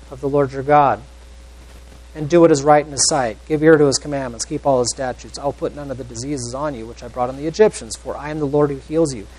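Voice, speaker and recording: A man's voice: fairly high pitch, poor audio. A man preaching a sermon and reading scripture aloud in an earnest, questioning way, sometimes dropping almost to a whisper. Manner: varies loudness widely, drops to near whisper.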